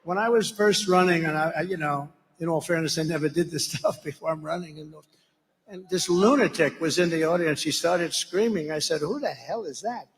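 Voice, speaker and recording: This political candidate's voice is on the high side, and he talks a little fast. Addressing a big rally venue, he's blunt and meandering, throwing in asides and calling people names, all carried on the echo of the rally hall.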